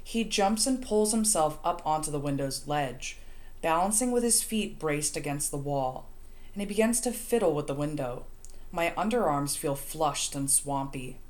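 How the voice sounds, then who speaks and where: A woman narrating an audiobook in the first person, steady and measured. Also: sits low. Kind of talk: audiobook reading.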